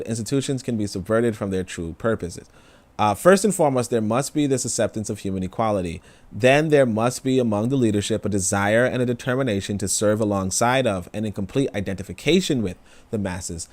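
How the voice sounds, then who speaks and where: A low-pitched man reads a political essay aloud on a live stream, in a plain, measured way. He keeps stopping to chat in loose, rambling asides thick with fillers, and he sounds close to tears. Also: a little mellow. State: tearful. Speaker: host reading and commenting. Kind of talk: livestream reading with casual commentary.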